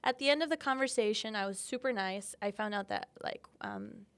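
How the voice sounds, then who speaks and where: A woman's voice: medium pitch, huge pitch swings, brisk, fairly bright tone, clear, resonant tone, no echo. A woman in her twenties, a guest in a casual chat, who talks in a chatty, upbeat way with many "like" fillers. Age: 20s.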